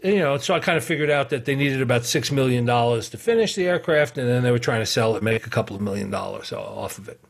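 A man's voice: mid-range voice, expressive, fast, gravelly, few pauses. A middle-aged man, a podcast guest, telling a long anecdote in a rambling way with many fillers, restarts and chuckles. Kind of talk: casual anecdotal storytelling.

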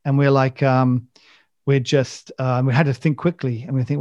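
A man's voice: medium pitch, little pitch movement, fairly quick, darkish tone, no room sound. A man hosting a casual chat, rambling and jokey, telling stories with enthusiasm. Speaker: podcast host.

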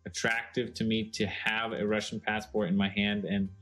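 Man, casual podcast co-host, fairly low voice, rambling, faint music in the background. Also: normal speed. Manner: relaxed, rambling with many fillers.

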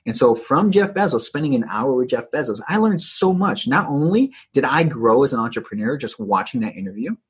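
A man's voice: medium pitch, fairly quick, hardly any pauses, breathy edge. A man being interviewed as a digital agency coach, talking with energy and often tagging his sentences with "right?". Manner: energetic, tags many phrases with "right?". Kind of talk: casual interview talk.

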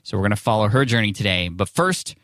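A man's voice: on the low side, lively intonation, quick pace, heavy background noise. A man hosting a podcast, reading an ad and introducing a guest in an upbeat, enthusiastic, conversational way. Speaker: podcast host. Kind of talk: casual podcast intro and ad read.

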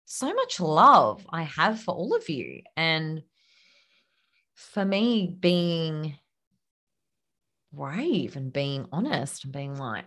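A woman's voice: deep voice, fairly bright tone. A woman hosting her own podcast as a coach, talking encouragingly to listeners, laughing often and sometimes dropping to a near-whisper. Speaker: podcast host and business coach. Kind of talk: solo podcast talk.

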